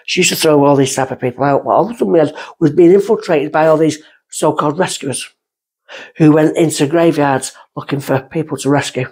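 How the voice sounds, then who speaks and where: A middle-aged woman with a slightly husky voice talks as a guest on a podcast. She tells her stories in an animated, casual way and slips into little voices for the people in them. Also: sits low, fairly quick. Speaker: guest medium. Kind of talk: casual storytelling chat.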